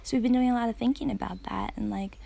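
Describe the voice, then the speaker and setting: A woman's voice: a little high, steady tone, fast talker, vocal fry, warm tone, husky. A woman in her thirties, a parent, talking outdoors in a casual reflective way, earnest and thoughtful, with fillers and restarts.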